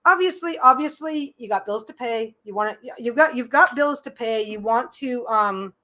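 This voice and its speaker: A slightly high-voiced woman gives live tarot readings in a loose, chatty way. She stumbles and repeats herself as she thinks aloud, then settles into reassuring advice. Her pitch sits a little above the usual. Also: moderate pace, bright, forceful tone. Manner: chatty, frequent restarts and repeated phrases. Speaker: tarot reader hosting a live stream.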